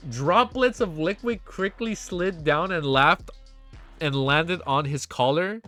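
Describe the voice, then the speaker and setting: A young man hosting a reaction stream. He reads a web novel aloud and keeps breaking in with excited, slangy outbursts. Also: a little high, slow pace, dry recording, soft background music. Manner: excitable, slangy, cuts in on his own reading with outbursts.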